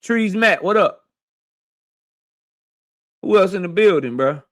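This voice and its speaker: A man hosting a boxing livestream who greets viewers by name in loud, slangy, profane banter. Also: high voice, expressive, takes it slowly, dry recording, studio quality. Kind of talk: casual livestream chat, shouting out viewers.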